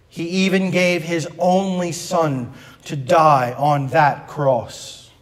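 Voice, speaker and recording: A man with a high voice preaches slowly and deliberately in a church sanctuary. He is earnest with his congregation and drops in wry asides. His voice rings with long reverb from the room. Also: steady tone. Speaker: pastor. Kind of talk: sermon.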